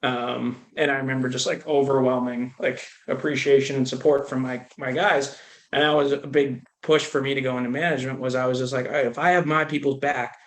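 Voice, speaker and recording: A man's voice: mid-range voice, little pitch movement, brisk. A man on a webinar panel, a sales leader speaking casually with many fillers over a video call.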